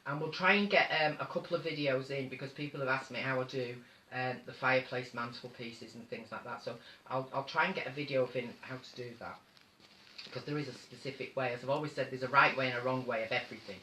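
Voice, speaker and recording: A North Manchester man streams live and casually from his home, camp and theatrical, chatting away and calling people darling. He talks quickly in a medium-pitched, steady, sharp-toned voice. The audio is poor and reverberant, with a little hiss or hum.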